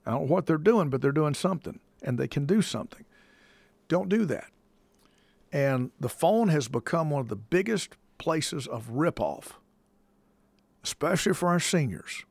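This call-in host from the United States has a slightly high, animated voice at normal speed, with vocal fry and a somewhat mellow quality, captured in a dry recording. Taking calls, he talks casually and folksily, leaning on repetition for emphasis and sounding a bit like a preacher.

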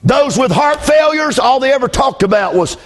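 A middle-aged man preaching a fiery sermon as pastor. He drops to hushed storytelling, then shouts fervently, repeating phrases and calling out amen. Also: very high-pitched, expressive, normal speed.

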